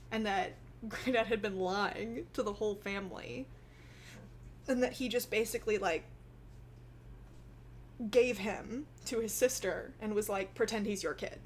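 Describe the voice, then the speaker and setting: A woman's voice: medium pitch, slight background noise. A young woman from Texas telling a family story in a casual vlog, rambling and giggling often. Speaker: vlogger.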